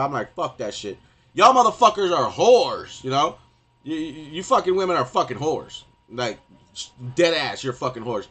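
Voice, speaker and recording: A man with a somewhat raised voice talks off the cuff on a live stream. His rant is profane and rambling, and he keeps circling back to the same filler phrases. At times he gets loud and heated. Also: a little high. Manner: profane, rambling, repeats "you know what I mean".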